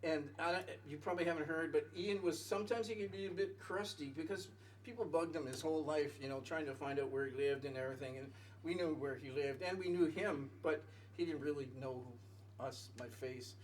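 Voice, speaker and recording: Recorded from a distance at a small music venue with an audience, a Canadian man tells a long, rambling story on stage between songs. His voice is fairly high and a little fast, with a slight hiss or hum in the audio. He keeps stopping himself and laughing at his own jokes.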